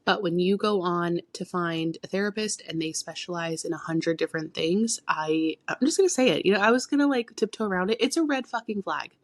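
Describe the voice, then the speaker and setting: A woman co-hosting a podcast as a therapist. She tells a personal story frankly and from the heart, with many asides, moving between emphatic bursts and hushed near-whispers. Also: on the low side, a little fast, few pauses, no echo. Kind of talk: candid podcast conversation.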